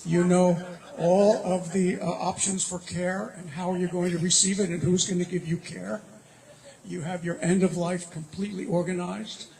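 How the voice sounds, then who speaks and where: A man's voice: high-pitched, flat delivery, moderate pace, vocal fry, darkish tone, poor audio. An older man, the honoree, speaking wryly to friends at a gathering on a handheld mic. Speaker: honoree and organization founder. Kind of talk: speech to an audience.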